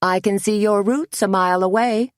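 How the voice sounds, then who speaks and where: A woman's voice: mid-range voice, steady tone, moderate pace, no room sound, clean studio sound, voice pushed up, natural voice. Woman voicing a flamboyant, teasing male hairdresser. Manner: teasing, theatrical.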